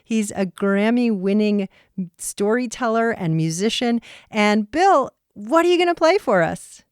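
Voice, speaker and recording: A woman hosts a radio interview with eager excitement, her pitch rising and falling a great deal. Her voice is fairly high and the sound is dry and close. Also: unhurried, no room sound. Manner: excited and enthusiastic. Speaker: radio show host. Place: her own studio.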